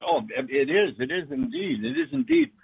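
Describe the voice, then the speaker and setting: A man, a priest, reflecting on the Mass in a halting way, often repeating words as he searches for them. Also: sits high, huge pitch swings, vocal fry, husky, dry recording. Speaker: priest guest. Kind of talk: reflective conversation on faith. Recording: dry tinny phone-like line.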